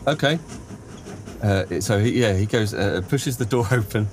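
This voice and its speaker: A man narrating as game master in a tabletop game, halting and full of restarts. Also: fairly low pitch. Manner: halting, lots of fillers and restarts.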